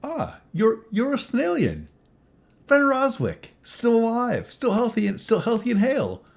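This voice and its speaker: A man putting on a high pompous nobleman. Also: wildly swooping pitch, measured pace, gravelly, full character voice. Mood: mock-polite. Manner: pompous, mock-polite. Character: pompous sarcastic male noble, Walter Forbes.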